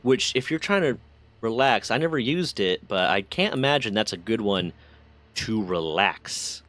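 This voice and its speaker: A man's voice: lowish voice, expressive, measured pace, fairly bright tone, no echo. A man streaming a game while telling a rambling, profane story in a casual way. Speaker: gaming streamer.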